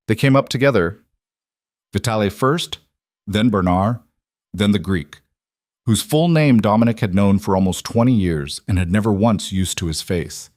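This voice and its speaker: A man giving measured, deliberate scripted narration of a crime drama. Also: on the low side, animated, a little mellow, dry recording, studio quality.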